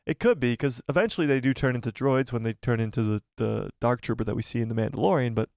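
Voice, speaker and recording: A man's voice: mid-range voice, fast talker, gravelly, darkish tone, no room sound, clean studio sound. A man hosting a casual live stream, reading viewer comments aloud and reacting in a jokey, chatty way.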